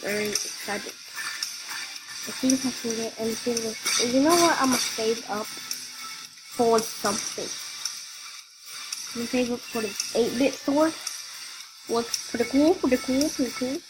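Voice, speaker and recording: A woman giving casual gameplay commentary as a channel host, excitable and repeating the same phrases over and over. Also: a little high, measured pace, long pauses, poor audio. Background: game music.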